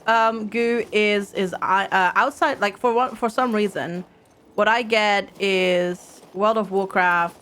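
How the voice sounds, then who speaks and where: A woman's voice: medium pitch, steady tone, takes it slowly, fairly bright tone. A woman streaming a video game, chatting casually with her viewers, giggling, and reading in-game books aloud. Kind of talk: casual gameplay commentary.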